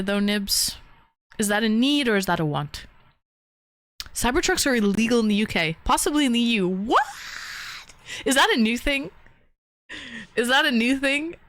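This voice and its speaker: Woman, livestream host, casual chatter, laughs, swears, mid pitch, dry close sound. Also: fairly bright tone, no room sound. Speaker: livestream host reading chat.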